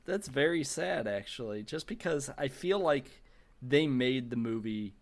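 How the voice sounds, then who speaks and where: A man's voice: medium pitch, measured pace. Man, podcast co-host, chatty, does little voices for quotes. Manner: animated, acts out quoted lines. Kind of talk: casual film review chat.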